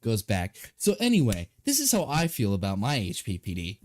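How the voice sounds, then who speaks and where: A man's voice: fairly low pitch, wildly swooping pitch, moderate pace, few pauses. A man streaming and reacting to a video, talking in a goofy, stammering way and repeating words for laughs. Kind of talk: casual live-stream chat.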